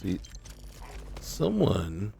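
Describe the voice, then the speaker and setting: A man's voice: deep voice, huge pitch swings, drawn-out words, creaky, mellow, slight background noise. A man giving casual gameplay commentary, talking to himself and scolding enemies in mock indignation. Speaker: gaming YouTuber.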